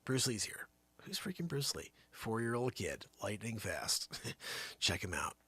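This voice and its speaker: A man hosting his own livestream and riffing an improvised comedy bit, lurching from loud outbursts down to near-whispers. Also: on the low side, sing-song, unhurried, husky, no room sound. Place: home studio.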